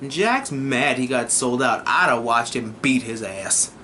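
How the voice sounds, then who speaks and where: Young man, TV review vlog, excitable, profane, bright tone, faint hiss. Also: mid-range voice, unhurried. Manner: excitable and profane, jumping into mocking voices. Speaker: TV review vlogger. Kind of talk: casual spoiler review.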